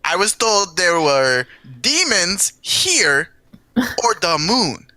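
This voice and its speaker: Woman rpg player, super slow lilting talk, bright voice, playful. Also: fairly low pitch, sing-song, no room sound. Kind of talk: tabletop role-play.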